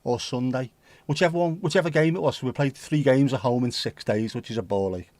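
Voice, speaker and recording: A man's voice: medium pitch, brisk, a little mellow, dry recording. A man with a Scouse accent hosting a livestream, chatting casually in a rambling, jokey, sweary way. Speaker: livestream host. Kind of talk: casual chat.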